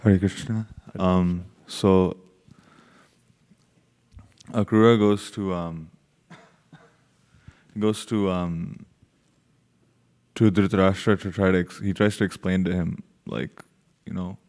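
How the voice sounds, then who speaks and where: A man's voice: deep voice, steady tone, takes it slowly, pauses often, darkish tone. A man taking part in a study group, answering a question hesitantly and with many fillers. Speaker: class participant.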